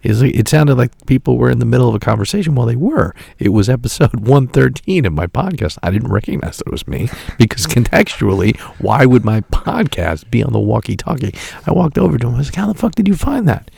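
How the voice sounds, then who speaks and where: A man's voice: mid-range voice, sing-song, brisk, gravelly, few pauses, darkish tone, breathy edge, no room sound. A man co-hosting a podcast, telling crude, joking stories in casual banter. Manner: crude, storytelling, laughs often. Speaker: podcast co-host.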